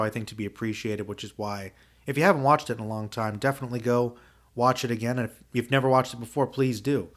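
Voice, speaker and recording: A man's voice: medium pitch, steady tone, quick pace, fairly bright tone. Reflective man rambling through a review. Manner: rambling, reflective, frequent fillers and restarts. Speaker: podcast host. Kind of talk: casual spoken review.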